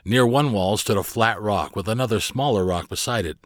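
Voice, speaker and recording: A man narrating a children's storybook aloud with expressive, lively storytelling, close to the mic. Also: fairly low pitch, normal speed, no room sound. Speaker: audiobook narrator.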